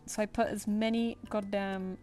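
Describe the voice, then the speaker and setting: A woman's voice: medium pitch, little pitch movement, moderate pace, mellow, soft background music. A woman streaming while she draws, thinking aloud and answering her viewers in casual chat. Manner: chatty, thinks aloud, reads chat comments and answers them. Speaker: streamer drawing live.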